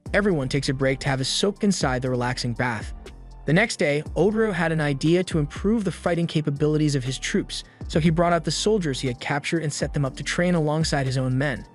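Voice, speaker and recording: Man, scripted recap narration, slightly high voice, steady storytelling, soft music underneath. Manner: steady, matter-of-fact storytelling.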